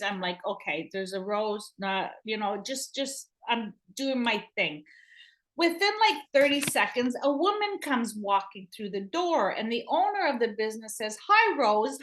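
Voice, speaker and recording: A middle-aged woman medium telling stories in a casual, animated way, acting out what people said. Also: a little high. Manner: animated, acts out dialogue in quotes. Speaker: spiritual medium. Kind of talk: conversational storytelling.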